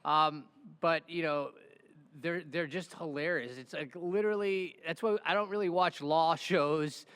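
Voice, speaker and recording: A high-pitched man tells stories on his podcast in an animated, chatty way, often checking in with "right?". His voice rings with a long reverb, as if he is in a large, echoey room. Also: measured pace, clean tone. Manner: animated, keeps asking "right?" and acts out the people in his stories. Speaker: criminal defense attorney and podcast host. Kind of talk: casual storytelling chat.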